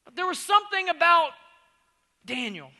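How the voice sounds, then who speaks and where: Guy preaching w a really high sharp voice, jokey, goes from loud to almost whispering. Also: sing-song, normal speed. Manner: humorous, swings from loud exclamations to near-whispers. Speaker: pastor. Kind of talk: sermon.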